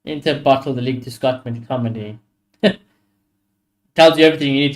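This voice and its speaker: A man's voice: fairly high pitch, animated, moderate pace, long pauses, a little mellow. A man hosting a live football watchalong stream, giving blunt, opinionated reactions and swearing often.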